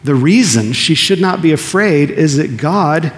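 A pastor preaching an earnest sermon, asking the congregation questions and answering them himself. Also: male voice, on the high side, animated, a little slow. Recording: long reverb of a large hall.

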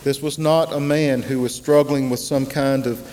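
A man preaching a sermon, slow and emphatic, with dramatic pauses and repetition. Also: medium pitch, steady tone, a little mellow. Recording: long hall reverb, faint hiss.

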